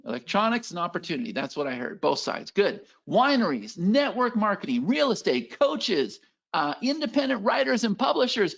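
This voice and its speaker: A man hosting a live sales webinar, energetic and pushy, hyping up the chat and repeating himself. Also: high voice, moderate pace, creaky. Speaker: webinar host selling software. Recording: dull lo-fi webinar audio.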